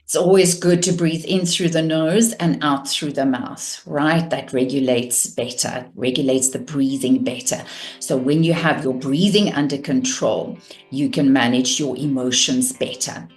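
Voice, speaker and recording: Slow, calm woman communication coach. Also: extremely low pitch, soft background music. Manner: calm, measured, demonstrating voice techniques. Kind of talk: course teaching.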